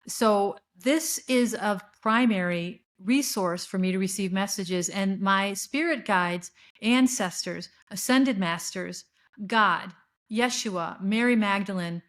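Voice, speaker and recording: A woman's voice: mid-range voice, unhurried. A middle-aged woman hosting a spiritual podcast, talking in an earnest, rambling way with fillers and restarts. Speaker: podcast host. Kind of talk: spiritual monologue.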